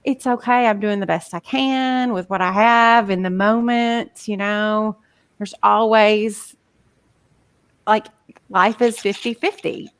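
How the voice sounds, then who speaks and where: A woman's voice: medium pitch, steady tone, slow pace, clean tone, no room sound. Woman, casual podcast talk, chatty, filler words, dry sound. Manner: chatty, many "like" fillers, acts out inner voices.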